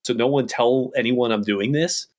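Male co-host, mid pitch, animated, rambling anecdotes. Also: moderate pace. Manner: animated storyteller, lots of "like". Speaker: podcast co-host. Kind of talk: casual gaming podcast chat.

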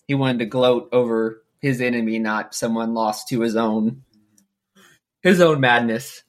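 A man's voice: mid-range voice, unhurried. Man explaining fantasy lore patiently. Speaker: podcast host. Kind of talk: casual book-club chat.

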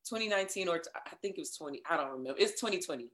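A woman recounts her start in voiceover in a relaxed interview. She tells it with animation, slipping into other people's lines as she goes. Her voice sits a little low for a woman. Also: racing. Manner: animated, acts out quoted dialogue. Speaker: voiceover artist guest. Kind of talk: casual interview storytelling.

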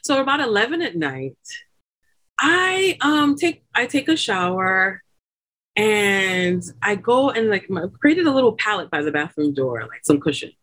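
Woman, podcast guest, animated storyteller, acts out quotes in sudden high bursts, lots of fillers. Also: unhurried. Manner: chatty, laughing often, many fillers like "like" and "you know". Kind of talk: animated birth story told in casual chat.

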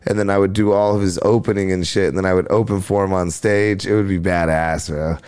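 A man's voice: sits low, fairly even intonation, fairly quick, a little mellow, smooth. A male comedian telling stories in casual chat, laid-back and slangy, acting out what others said. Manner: laid-back slangy storyteller, acts out quotes. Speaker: comedian and podcast guest.

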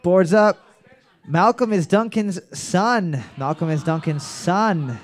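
Brash, high-voiced man hosting pub trivia. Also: takes it slowly, slight background noise. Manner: brash, swearing, joking, bellowing calls. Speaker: trivia quizmaster. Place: bar.

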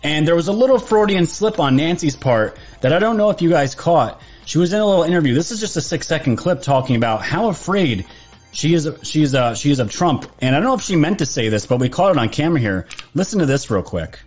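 A man hosting a live commentary stream, talking in an animated way and thanking viewers for their gifts. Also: on the high side, fast talker, muffled recording, faint music behind. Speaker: livestream host.

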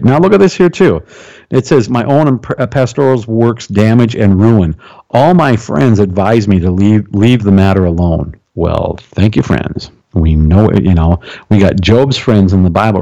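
A male pastor, a guest on the show, reading a text aloud and commenting on it in an animated preaching style. He keeps checking in with "right?" and "okay?" and jumps up in pitch for emphasis. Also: no room sound. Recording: dull lo-fi sound.

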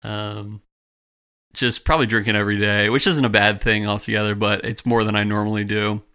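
A young man co-hosting a podcast, chatting in a relaxed, rambling way with lots of fillers. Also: fairly low pitch, a little fast, smooth. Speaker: podcast co-host. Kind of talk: casual chat.

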